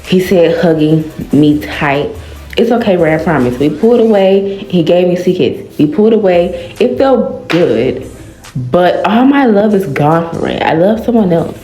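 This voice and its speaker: A woman reads a fan-fiction story aloud in a casual way, her voice sitting a bit low. She stops now and then to react to the story. The room has a roomy echo, and faint music plays underneath. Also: warm tone. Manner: reads dialogue with pitch jumps, breaks off to react and laugh. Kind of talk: casual story reading with commentary.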